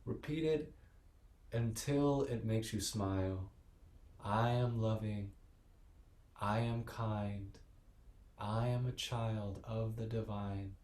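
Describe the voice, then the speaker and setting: A man leading a restorative yoga class with slow, soothing, gently encouraging guidance and meditation cues. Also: lowish voice. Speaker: yoga teacher. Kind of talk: guided meditation and yoga instruction. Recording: echoey room.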